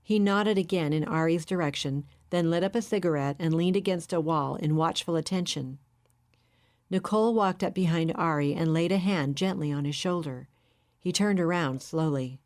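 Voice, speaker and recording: Low-voiced woman reading a novel. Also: normal speed, darkish tone. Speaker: audiobook narrator. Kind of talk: scripted narration.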